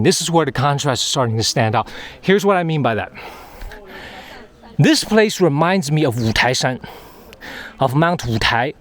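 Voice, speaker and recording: A man narrating his own travel vlog while hiking up a mountain trail outdoors, chatty and repeating himself, getting winded. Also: a little high. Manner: chatty, repeats phrases, thinks aloud. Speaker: travel vlogger.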